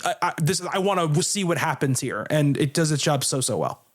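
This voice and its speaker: A man's voice: on the high side, lively intonation, fairly quick. A man co-hosting a casual film podcast, talking loosely with fillers and restarts. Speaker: podcast co-host.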